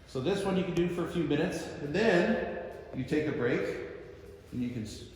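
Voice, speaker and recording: A man teaching karate stretches, explaining each step calmly and counting slowly through the holds. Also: fairly high pitch. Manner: calm step-by-step coaching, counts slowly while holding a stretch. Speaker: karate instructor. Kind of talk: instructional demonstration. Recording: very echoey long-reverb room.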